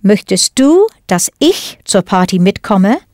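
Woman language teacher, slow and deliberate, animated intonation, dry studio sound. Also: medium pitch, dry recording. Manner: slow, careful enunciation with prompting questions. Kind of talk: scripted language lesson.

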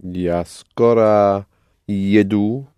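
Slow, hesitant male language student. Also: on the low side, steady tone, warm tone, smooth, no echo, muffled recording. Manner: hesitant, very slow answers in learner Russian. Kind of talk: lesson practice.

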